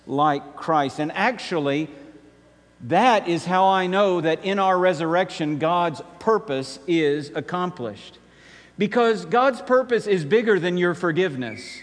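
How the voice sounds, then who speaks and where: Pastor, male, mid-high voice, emphatic sermon delivery, long church reverb. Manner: emphatic preaching, repeats key phrases, rises and drops sharply.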